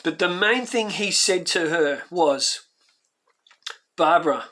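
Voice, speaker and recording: An Australian man hosting his own YouTube channel talks in a high, animated, sharp voice at a measured pace. His reaction commentary is heartfelt and rambling, full of repetition that circles back, and he gets emotional as he speaks.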